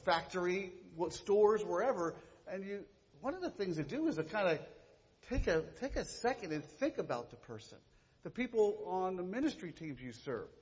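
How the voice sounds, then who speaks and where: Sarcastic man with a lively voice. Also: sits high, normal speed. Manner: sarcastic, joking. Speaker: church workshop co-presenter. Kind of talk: church workshop talk. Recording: lo-fi hall recording.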